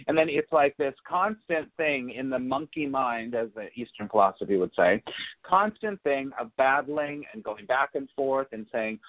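A man giving a reflective spiritual teaching talk, speaking deliberately and repeating phrases for emphasis. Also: medium pitch, animated, no echo. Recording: narrow phone-like sound, dry.

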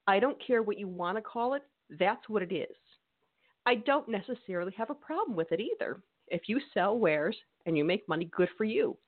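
A woman co-hosting a podcast, talking in an emphatic, scolding, opinionated way in casual chat. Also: medium pitch. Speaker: podcast co-host. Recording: tinny phone-like audio.

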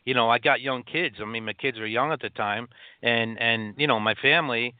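A man from upstate New York telling his own story as a guest, halting, with many restarts and fillers, over a phone line. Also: medium pitch, no room sound. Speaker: guest author.

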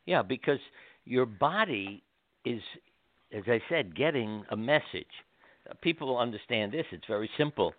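A man's voice: mid-range voice, animated, normal speed, no echo. Older man telling stories over phone. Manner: gentle, anecdotal, acts out quotes. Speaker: doctor and guest. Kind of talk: storytelling interview. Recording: dry phone line.

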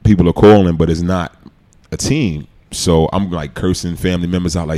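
A man in his forties with a very deep, low voice. He tells stories as a guest in a relaxed interview and slips into the voices of the people he quotes. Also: a little fast. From New York. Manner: animated storyteller who acts out quoted lines. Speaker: guest, former pro football player. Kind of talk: casual podcast storytelling.

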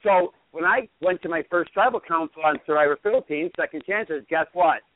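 A man's voice: on the high side, brisk. A man hosting a casual call-in show, rambling with lots of restarts and repeats. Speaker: host. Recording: tinny phone line.

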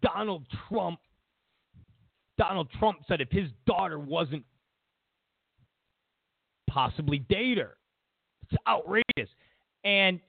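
A man's voice: high-pitched, vocal fry, no room sound, narrow, tinny audio. A man hosting a political commentary show, ranting sarcastically and exasperatedly, repeating himself as he mocks the news.

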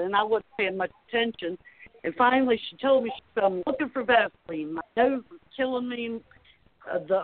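Woman from florida on a phone call, chatty story, tinny lo-fi line. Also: on the high side. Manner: chatty, laughs while telling a funny story. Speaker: caller sharing a story. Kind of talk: casual storytelling on a call-in show.

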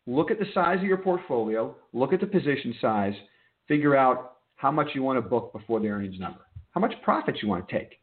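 A man's voice: mid-range voice, animated, fairly quick. A man hosting a trading desk meeting, explaining market lessons in an emphatic way and checking in with listeners by asking "okay?". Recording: narrow phone-like audio.

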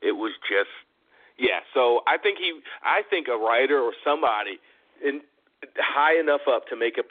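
A man co-hosting a wrestling talk show, chatting excitedly and rambling with many restarts. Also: mid-range voice, normal speed, slightly rough. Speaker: podcast co-host. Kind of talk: casual wrestling chat. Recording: phone-line audio.

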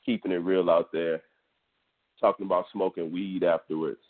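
Texan guy, deep voice, loose and profane podcast host, phone-quality sound. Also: steady tone, moderate pace. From Texas, US. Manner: loose, profane sports storytelling. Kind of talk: casual monologue. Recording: tinny phone-like audio.

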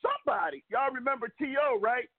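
A man's voice: expressive, a little fast, breathy edge, dry recording. Fired-up man ranting on a phone line. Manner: fired up, rants with rising pitch. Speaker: podcast co-host. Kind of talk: sports talk podcast. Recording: tinny phone-like call line.

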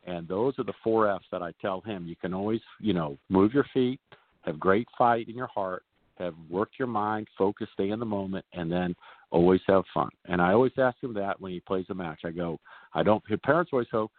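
A male tennis coach, a guest on a radio show, telling stories in a folksy, animated way and acting out the players he quotes. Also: sits low, a little fast, no echo. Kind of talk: radio interview storytelling. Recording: dry tinny phone line.

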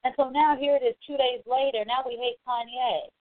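Woman host, casual opinion rant, blunt and animated, dry phone-line sound. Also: sits high, fairly quick, dry recording. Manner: animated, blunt, swears freely. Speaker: call-in show host. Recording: tinny phone-line audio.

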